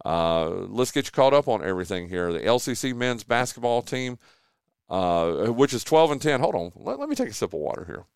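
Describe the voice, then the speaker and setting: A man's voice: medium pitch, sing-song, brisk, clear, resonant tone, dry recording, studio quality. A man hosting a local sports radio show, chatting casually and rambling through sponsor reads with lots of fillers. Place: radio studio. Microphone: close studio mic.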